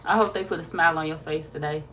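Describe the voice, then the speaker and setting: A woman tarot reader casually chatting with viewers on a livestream, reading their comments aloud, laid-back and quick to laugh. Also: low voice, steady tone, fairly bright tone, slight background noise.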